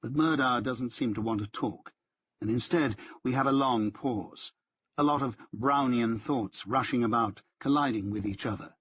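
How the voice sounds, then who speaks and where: Husky-voiced man narrating an audiobook. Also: mid-range voice, moderate pace, a bit bright, lo-fi sound. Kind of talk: scripted first-person audiobook narration.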